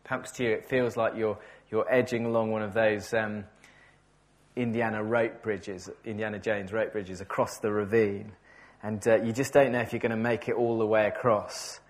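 A man's voice: on the low side, level tone, moderate pace. A man preaching a sermon in a conversational way, often repeating words and correcting himself, enthusiastic about the passage.

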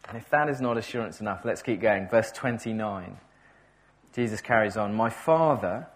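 A male preacher delivering a sermon in an easy, conversational way, his voice sitting on the low side. He often doubles back on words and corrects himself mid-sentence, and he sounds openly enthusiastic about the passage. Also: moderate pace. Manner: conversational, with frequent repeats and self-corrections.

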